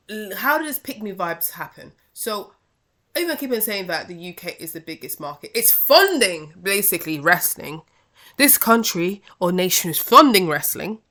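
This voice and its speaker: A woman hosts her own review show, ranting in a lively, exasperated and chatty way. Her voice is bright and sharp, sitting at an ordinary pitch for a woman. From Britain. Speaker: wrestling podcast host. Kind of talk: casual review rant.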